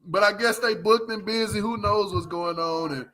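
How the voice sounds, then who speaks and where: A man's voice: high voice, moderate pace, fairly bright tone. A man hosting a casual livestream, reviewing a reality show, laughing often as he retells scenes with lots of slang.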